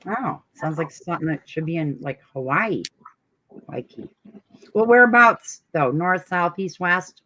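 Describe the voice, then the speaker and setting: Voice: mid-range voice, animated, measured pace, pushed and bright, muffled recording. A co-host on a casual stream, curious and asking many questions in a drawling way.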